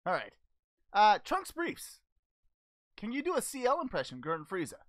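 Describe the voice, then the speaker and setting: A woman's voice: mid-range voice, huge pitch swings, moderate pace, dry recording, clean studio sound. A woman voicing a cheerful, naive male alien martial-arts hero, hosting an in-character fan Q&A in a goofy, easily distracted way with lots of hesitant ums. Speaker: channel host answering fan questions.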